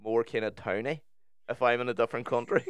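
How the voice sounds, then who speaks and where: A man's voice: mid-range voice, steady tone, a little fast, smooth, dry recording, muffled recording. A man co-hosting a podcast, chatting in a laid-back, offhand way and swearing casually. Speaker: podcast co-host. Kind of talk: casual chat.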